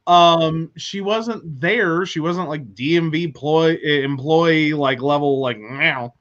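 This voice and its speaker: A male host with a high voice who talks slowly and rambles, leaning heavily on filler words. The sound is dull and lo-fi. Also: fairly bright tone. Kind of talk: casual chat.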